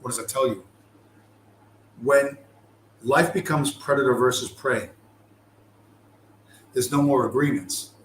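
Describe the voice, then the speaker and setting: A man's voice: medium pitch, unhurried, pauses often, fairly bright tone, roomy sound, a little hiss or hum, rough recording. A man delivering a profane, contemptuous ranting monologue, aggressive and heavy with swearing. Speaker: commentator.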